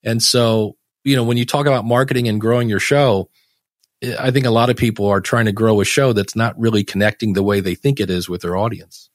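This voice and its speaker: A man's voice: fairly low pitch, steady tone, fairly quick, dry recording, clean studio sound. Folksy podcast guest, American man. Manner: folksy, acts out quoted voices. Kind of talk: casual chat.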